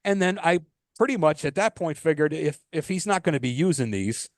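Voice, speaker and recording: Animated, rambling man podcast co-host. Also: a little high, fairly quick, no room sound, clean studio sound. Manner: rambling, animated storytelling with restarts and swearing. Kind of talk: casual chat.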